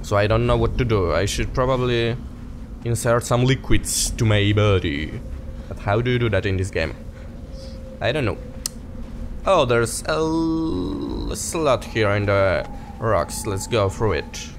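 Excitable let's player, very lively pitch, slow delivery. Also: male voice, a little hiss or hum. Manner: excitable, laughing, talks to viewers as guys. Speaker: gaming youtuber. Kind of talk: casual let's play commentary.

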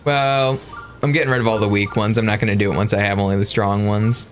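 A man's voice: fairly low pitch, fairly even intonation, quick pace, a little hiss or hum. A man joking around while playing a game with his mother in a casual let's-play chat. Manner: joking, goofy. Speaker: gamer playing with his mom.

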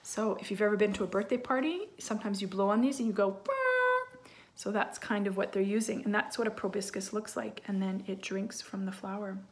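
A woman reads a picture book aloud to children, stopping often to explain things. Her asides drop into a soft, gentle hush, and her pitch sits in a middle range. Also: fairly even intonation, fast talker, few pauses. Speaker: teacher reading aloud.

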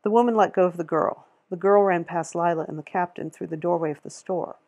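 A woman reading a novel aloud in a steady, measured way, with a gravelly, husky voice. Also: fairly low pitch. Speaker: audiobook reader.

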